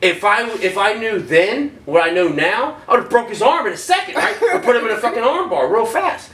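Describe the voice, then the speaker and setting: Animated bright-voiced man telling prison stories. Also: high voice, fairly quick, slight background noise. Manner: profane, acts out quoted voices loudly. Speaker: podcast guest, former prisoner. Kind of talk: casual storytelling. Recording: roomy, distant mic, faint ambience.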